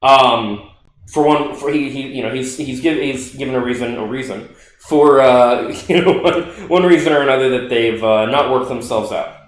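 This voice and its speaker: A young man co-hosting a podcast, telling a story in casual chat with lots of swearing and animated excitement. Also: mid-range voice, normal speed. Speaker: podcast co-host. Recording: echoey room.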